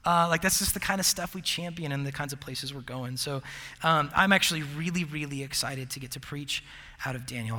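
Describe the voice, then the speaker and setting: Bright-voiced young man preaching in a hall. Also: a little high. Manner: casual, rambling with fillers and restarts, laughs at himself. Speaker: campus ministry preacher. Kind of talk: sermon. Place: large hall with live audience. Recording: long hall reverb.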